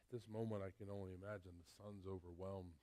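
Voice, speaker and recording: A pastor preaching a sermon, retelling a story with animated, stammering repeats. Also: male voice, low-pitched, fast.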